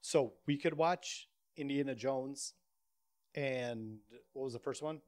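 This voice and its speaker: A man's voice: mid-range voice, takes it slowly, a little mellow. A man in his thirties hosting a podcast, telling stories with profane mock outrage. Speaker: podcast host. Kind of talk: casual podcast banter.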